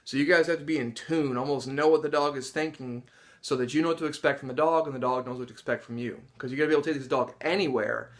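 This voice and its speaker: This dog trainer speaks quickly, with a medium-pitched, steady voice, talking casually to the camera about training and testing dogs. He acts out how dogs and people react, complete with gasps and laughs.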